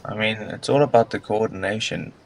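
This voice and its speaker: A man co-commentating a live poker event, giving measured strategy notes with dry humour. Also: lowish voice, fairly even intonation, creaky, a little hiss or hum, rough recording.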